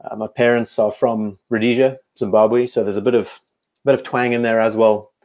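A man's voice: fairly low pitch, flat delivery, moderate pace, a little mellow. A South African man hosting a casual live stream, reading out viewer comments and chatting enthusiastically with frequent restarts.

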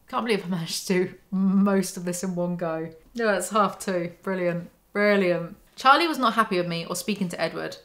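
Woman, mid-pitched voice, sardonic book commentary, reads passages then snarks at them. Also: fairly bright tone. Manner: sarcastic, dry running commentary. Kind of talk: reading aloud and commenting on a novel.

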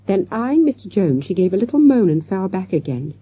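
Warm, lively woman reading a storybook. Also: medium pitch, a little fast, slightly rough, no echo. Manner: lively, acts out character lines. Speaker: audiobook narrator. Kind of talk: storybook narration.

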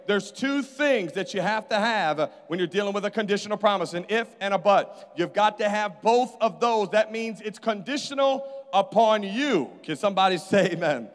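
A man's voice: high voice, expressive, normal speed, hardly any pauses. A man preaching a sermon as pastor, calling out to his congregation for responses. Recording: hall reverb.

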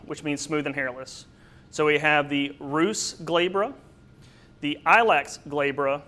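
A man delivers a slide-based botany lecture in a fairly high, bright voice. He explains step by step, with occasional fillers and little asides to his audience. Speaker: presenter.

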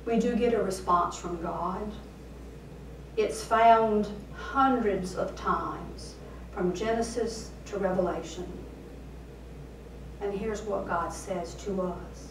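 Slow, deliberate woman pastor preaching. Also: mid-range voice, noisy background. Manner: slow and deliberate, with rhetorical questions. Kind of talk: sermon. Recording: roomy sound, voice from far off.

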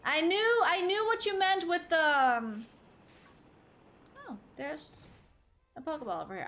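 A woman's voice: very high-pitched, a little slow, pauses often, pushed and bright. A woman giving casual gameplay commentary as a streamer, rambling, correcting herself and talking to her chat. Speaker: gaming streamer.

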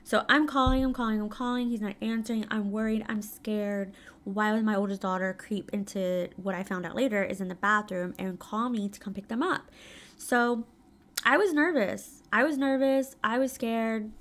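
A woman's voice: medium pitch, fairly even intonation, normal speed, fairly bright tone. A woman in her thirties candidly telling a painful personal story in a casual vlog, full of fillers and emotion. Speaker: vlogger. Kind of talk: casual storytelling while doing makeup.

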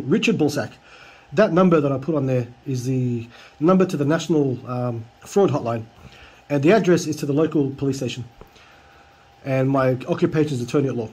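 A man telling a casual story to his viewers, reading chat messages aloud with sarcastic, deadpan asides and mimicking the other side's lines. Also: a little fast, breathy edge. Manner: mimics the scammers' lines in a higher voice. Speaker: youtuber.

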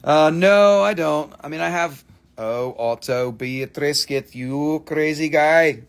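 Excitable, profane crystal seller. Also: male voice, a little high, takes it slowly. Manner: excitable, profane sales patter. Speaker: host selling crystals. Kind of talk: live sales stream.

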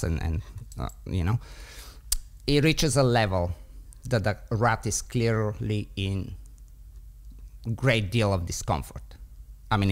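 A man who trains dogs, debating on a podcast and explaining a point by telling a story, voicing the thoughts of its characters along the way. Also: on the low side. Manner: explanatory, tells stories with voiced inner thoughts.

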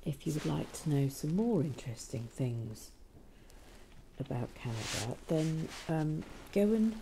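A woman's voice: deep voice, lively intonation, unhurried, creaky, mellow, slight background noise. A woman hosting a building-toy vlog, chatting casually and rambling with many fillers while she builds. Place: cold room at home.

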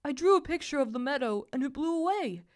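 A woman reading a children's storybook aloud, voicing a sad, gentle little boy in a soft, earnest way. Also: sits high, lively intonation, fast, voice pushed up.

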